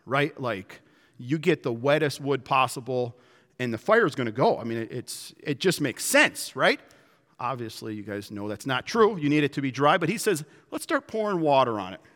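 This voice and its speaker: A man preaching a sermon in a dramatic way, acting out quotes and swinging from loud to hushed. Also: medium pitch, big-room sound. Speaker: pastor.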